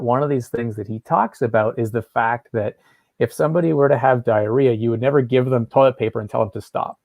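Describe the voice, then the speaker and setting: Male interview guest, low and gravelly, earnest storyteller, dry close sound. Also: darkish tone, no room sound. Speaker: guest educator. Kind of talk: casual conversational interview.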